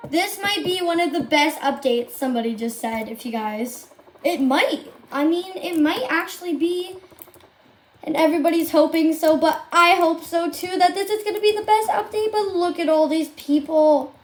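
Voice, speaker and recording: A woman commentating live gameplay to her viewers, gushing and excitable, often squealing and exclaiming. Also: very high-pitched, normal speed. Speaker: game streamer.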